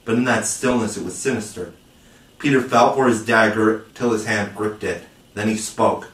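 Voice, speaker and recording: A man narrating a storybook chapter in a dramatic, measured, expressive way. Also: mid-range voice. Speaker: audiobook reader. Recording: roomy, distant mic.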